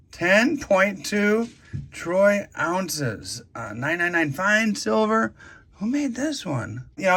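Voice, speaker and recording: A man's voice: a little high, fairly bright tone. A man hosting a casual interview, then chatting easily while showing off his purchases. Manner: chatty, easygoing, exclaiming over finds. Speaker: host. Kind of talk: casual chat and show-and-tell.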